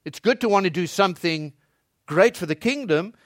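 A man preaching a sermon as pastor in a church, swinging between loud emphatic lines and soft low passages. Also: lively intonation, normal speed, no room sound, studio quality.

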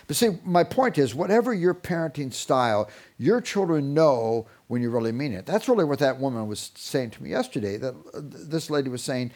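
A man's voice: fairly high pitch, sing-song, normal speed, a little mellow. A man giving a Christian parenting seminar talk in a conversational way. He often repeats words while he thinks and acts out parents and children in short quotes. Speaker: parenting teacher.

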